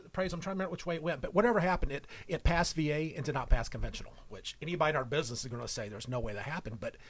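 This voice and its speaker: A man's voice: on the high side, very fast. A man, a mortgage professional guest, talking in a plainspoken, matter-of-fact way. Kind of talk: casual talk show chat.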